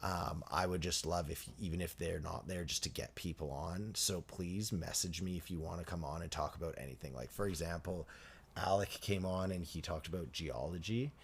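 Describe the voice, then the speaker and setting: A man co-hosting a podcast in casual chat, rambling and correcting himself as he goes, quick to laugh. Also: low-pitched, creaky, slight background noise. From Canada. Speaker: podcast co-host.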